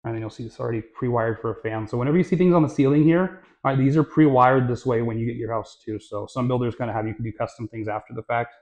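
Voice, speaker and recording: A man giving a casual walkthrough of a new house as a real estate vlogger, talking in a relaxed, chatty way with lots of fillers, recorded on a handheld camera mic while walking through the rooms. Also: medium pitch, quick pace, few pauses. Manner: chatty and relaxed, filler-heavy, self-correcting. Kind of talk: casual home tour walkthrough.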